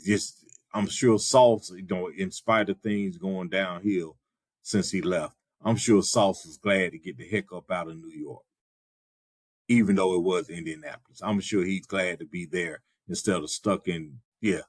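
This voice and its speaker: A man co-hosting a sports podcast in casual chat, measured and dryly sarcastic. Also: low-pitched, slightly rough, no room sound, clean studio sound. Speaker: podcast co-host.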